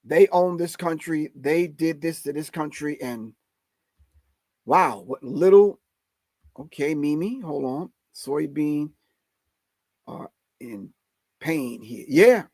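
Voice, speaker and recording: A man's voice: fairly high pitch, animated, slow pace, long pauses, a little mellow, dry recording. A middle-aged man hosting a live stream, giving emphatic, preachy commentary and calling his audience family. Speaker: host.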